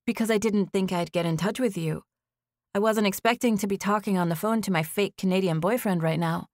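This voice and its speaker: A woman's voice: medium pitch, a little fast, dry recording, studio quality, close to an everyday voice. A woman voicing a flustered young woman on the phone. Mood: nervous. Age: 30s. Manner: breathless, flustered, rambling. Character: nervous excited young woman on a phone call. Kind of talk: audiobook dialogue.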